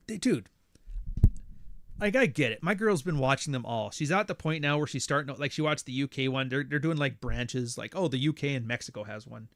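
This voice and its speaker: A man's voice: fairly high pitch, a bit bright, no room sound, clean studio sound. A man from Canada hosting a podcast, ranting in a blunt, profane, sardonic way. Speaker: podcast host. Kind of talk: casual podcast rant.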